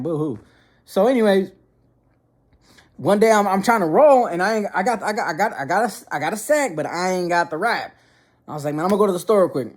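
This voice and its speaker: A young man telling a funny personal story in casual slang, repeating words and restarting sentences as he goes. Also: fairly high pitch.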